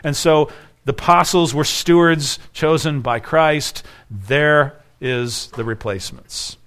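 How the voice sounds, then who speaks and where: A man's voice: on the high side, takes it slowly, fairly bright tone. A man preaching an expository sermon as pastor, emphatic and full of rhetorical questions.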